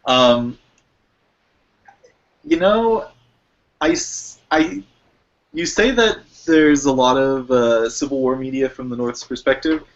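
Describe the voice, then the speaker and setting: A man in a casual podcast chat, speaking haltingly with stammered starts. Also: mid-range voice. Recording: muffled lo-fi mic.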